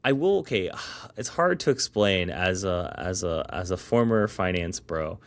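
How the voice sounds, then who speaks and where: A man's voice: sits low, animated, a little slow. A man co-hosting a casual podcast chat, rambling and slangy with lots of fillers and restarts. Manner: slangy, calls people dude and bro. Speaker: podcast co-host.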